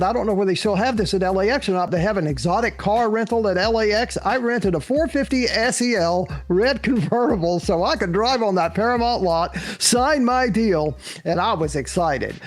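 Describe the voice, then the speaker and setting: An older man telling lively stories as a podcast guest, acting out the people he quotes and laughing along. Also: high-pitched, moderate pace, few pauses. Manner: lively storyteller who acts out quoted voices and laughs often. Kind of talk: animated anecdote telling.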